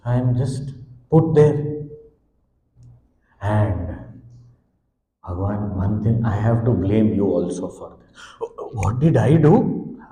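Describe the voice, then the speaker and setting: A man giving a devotional discourse, with a dark, mellow voice. He tells stories expressively and sometimes speaks as a helpless infant. The recording has a long, echoey hall reverb. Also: on the low side, slow, pauses often. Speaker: swami giving a spiritual discourse. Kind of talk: devotional discourse explaining a hymn.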